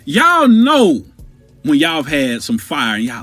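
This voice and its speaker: A man telling a wild personal story on his podcast, with a husky voice that swings up and down. He talks straight to his listeners, loose and profane. Faint music plays under him. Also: on the high side, a little slow. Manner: animated, profane, conversational. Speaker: podcast host.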